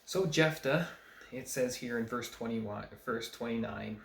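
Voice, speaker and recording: A man giving an informal Bible study, talking in a conversational, hesitant way with many pauses and fillers. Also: medium pitch, creaky, fairly bright tone, reverberant. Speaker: Bible teacher.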